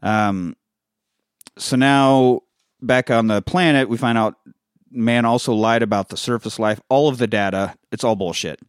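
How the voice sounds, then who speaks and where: A man's voice: mid-range voice, steady tone, normal speed, clean tone, no echo, clean studio sound. A man casually recapping a film on a podcast, swearing freely and quoting characters as he goes. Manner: profanity-laced storytelling with quoted character voices.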